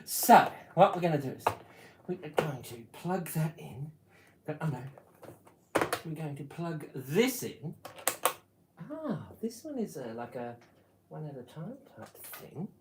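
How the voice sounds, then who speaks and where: A man's voice: fairly high pitch, sing-song, a little slow, pauses often, reverberant, heavy background noise. A man hosting his own live stream, chatting casually with viewers in a playful, giggly way and breaking into bits of song.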